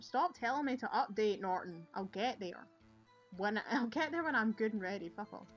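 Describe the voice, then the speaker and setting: A woman's voice: medium pitch, animated, normal speed, muffled recording, soft background music. A woman with a Scottish accent giving chatty, sweary commentary on a game she is playing. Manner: chatty, swearing, laughing asides. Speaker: game streamer. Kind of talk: casual playthrough commentary.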